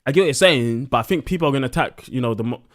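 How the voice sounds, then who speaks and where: A man's voice: mid-range voice, expressive, rapid-fire. A young man streaming live, talking a little drunk with slightly slurred words and ranting bluntly with plenty of swearing.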